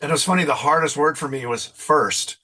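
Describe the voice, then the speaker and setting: Husky, forceful man rambling along. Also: a little high. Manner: rambling, self-deprecating, quick to laugh. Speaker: interview guest. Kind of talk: casual interview chat.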